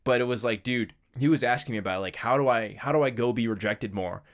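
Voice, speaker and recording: A man's voice: medium pitch, fast talker. A man co-hosting a podcast in casual chat, telling stories loosely and laughing often. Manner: laid-back storyteller, laughs often, loose filler-heavy phrasing. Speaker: podcast co-host.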